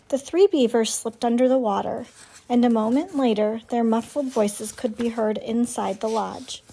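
High-voiced woman reading a kids book aloud, steady and clear. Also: moderate pace. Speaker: narrator. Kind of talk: reading a children's novel aloud.

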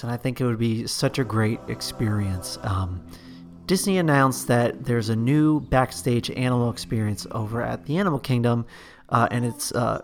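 Man, podcast host, casual chat, halting with fillers, faint music underneath. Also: mid-range voice. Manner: halting, many fillers and restarts, openly emotional. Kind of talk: casual solo news chat.

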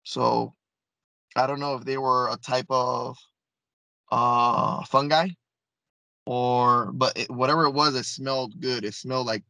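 A man with a bright, forceful tone, talking as an interview guest. He recounts his experience earnestly and casually, stumbling, repeating words and restarting his sentences. The sound is dry and close, with no room around it. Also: medium pitch, steady tone, a little slow, gravelly, long pauses, no room sound, low-quality recording. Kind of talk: casual first-person storytelling.

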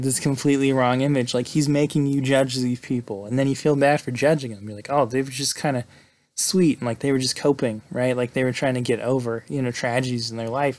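Guy excitedly rambling thru a movie plot, lots of likes and swearing. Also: mid-range voice, no echo. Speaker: movie reviewer. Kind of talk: casual movie recap.

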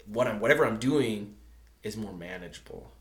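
A man co-hosting a casual podcast, speaking openly and haltingly about personal feelings, often restarting and laughing between thoughts. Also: lowish voice, animated, reverberant. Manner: open, searching, restarts often, laughs while talking. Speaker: podcast co-host. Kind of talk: casual chat.

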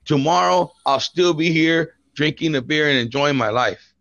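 A man's voice: a little high, normal speed, vocal fry, a bit bright, dry recording, lo-fi sound, voice pushed up. A man voicing his defiant older uncle, a brash, swaggering, profane man.

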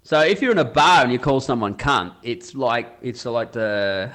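A man's voice: medium pitch, moderate pace, a bit bright. A man with an Australian accent chatting casually, acting out quoted lines in put-on voices. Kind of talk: casual chat.

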